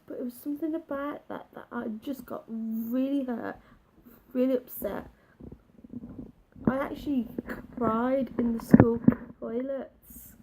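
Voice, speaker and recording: A woman telling a personal story in a halting, emotional way, with many restarts. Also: on the high side, warm tone, poor audio. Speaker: vlogger.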